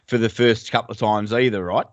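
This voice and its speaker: Blunt Australian bloke bantering. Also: male voice, on the low side, steady tone, brisk, no echo, muffled recording. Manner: blunt, sweary banter full of mate and bloke. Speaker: podcast host. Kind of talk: casual chat.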